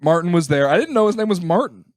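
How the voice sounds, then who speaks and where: A man's voice: high voice, lively intonation, fast, a little mellow, dry recording, studio quality. A man co-hosting a comedy podcast, trading jokey banter and riffing on absurd bits. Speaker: podcast co-host.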